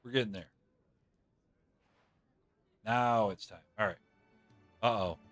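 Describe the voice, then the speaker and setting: A man's voice: on the low side, takes it slowly, fairly bright tone, dry recording, soft background music. A man streaming a video game live, joking and thinking aloud as he plays. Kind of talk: live gameplay commentary.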